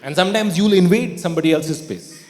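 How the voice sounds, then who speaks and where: A man doing a stand-up comedy set with dry, deadpan delivery that breaks into sudden outbursts and mocking put-on voices. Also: high-pitched, fast, a little hiss or hum. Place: theatre stage before a laughing audience. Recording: echoey live hall with audience. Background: audience laughter.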